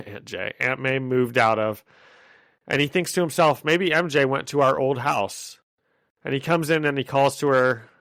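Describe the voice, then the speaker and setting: An excitable man talks through a comic issue on a podcast, casual and chatty and quick to laugh. His pitch sits in an ordinary middle range. The sound is dry and close, with no room echo. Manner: excitable, laughs easily, thinks aloud. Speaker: podcast co-host.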